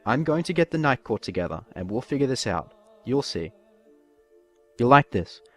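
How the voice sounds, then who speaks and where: A man voicing a younger female pony princess who gently reassures her sister. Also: medium pitch, sing-song, moderate pace, faint music behind, voice pushed up. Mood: reassuring. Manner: soothing, reassuring.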